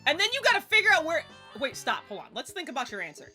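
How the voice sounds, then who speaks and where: A woman's voice: high voice, big pitch swings, fast, pushed and bright, soft background music. A woman around forty giving casual live gameplay commentary as a streamer, exasperated and swearing freely.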